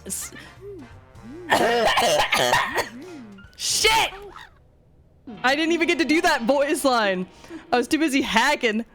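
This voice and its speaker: A young woman streams a game on a desk mic, giggling and swearing as she goes. Her voice bounces up and down in a lively, unhurried way. Soft game music hums behind her. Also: high voice. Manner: animated, giggly, swears a lot, reads dialogue aloud. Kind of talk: casual let's-play commentary. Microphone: desk mic with webcam. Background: faint game music.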